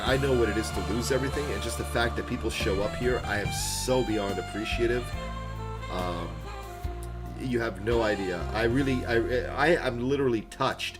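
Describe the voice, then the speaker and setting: A man in his thirties, a streamer, chatting casually to his viewers in a heartfelt, rambling way, repeating words and getting choked up. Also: lowish voice. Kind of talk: casual livestream sign-off chat. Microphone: desk microphone. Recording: guitar music playing behind.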